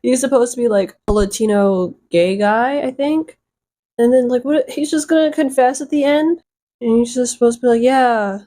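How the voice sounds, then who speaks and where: A woman giving casual, rambling commentary on a reality show, sarcastic and quick to laugh at herself. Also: fairly high pitch, warm tone, faint music behind. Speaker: video essay commentator.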